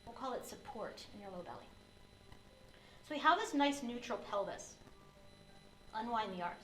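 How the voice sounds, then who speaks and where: A woman teaching a yoga class, giving gentle, unhurried cues for breath and posture. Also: a little high, roomy sound, slight background noise, poor audio. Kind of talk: guided yoga class instruction.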